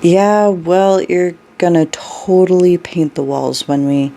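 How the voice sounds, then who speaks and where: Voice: mid-range voice, takes it slowly, gravelly, voice pushed up. A reader voicing a frightened, profane young man in a story read aloud, calling out urgent commands. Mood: teasing. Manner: shouting, urgent and panicked.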